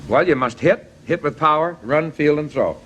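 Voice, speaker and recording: A middle-aged man, a baseball manager and guest on a TV talk show, telling blunt, jokey anecdotes in animated chat. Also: a little high, moderate pace, slight background noise.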